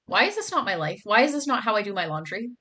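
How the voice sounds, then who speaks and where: A bubbly young woman chatting on her stream, gushing over what she sees and saying "like" at every turn. Her voice sits at an ordinary middle pitch for a woman, easygoing and unforced. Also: sing-song, fast talker, pushed and bright. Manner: bubbly, gushing, lots of "like" and "oh my god". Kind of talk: casual chat reading viewer comments.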